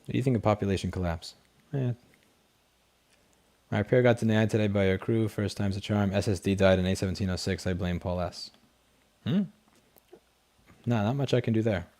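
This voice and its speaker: A man's voice: fairly low pitch, brisk, pauses often, a little mellow. A man hosting a casual late-night livestream, reading chat questions and answering in a blunt, profane, rambling way through a desk microphone.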